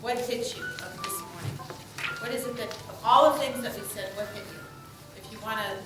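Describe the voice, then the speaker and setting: A woman's voice: medium pitch, moderate pace, over music. Rabbi woman leading a group, echoey room. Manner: warm, affirming, lightly joking. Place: synagogue meeting room. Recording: echoey room picked up from far off.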